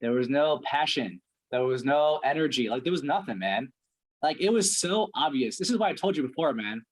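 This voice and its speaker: Husky male sales coach, blunt and profane, pushing hard on a call. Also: mid-range voice, expressive, moderate pace.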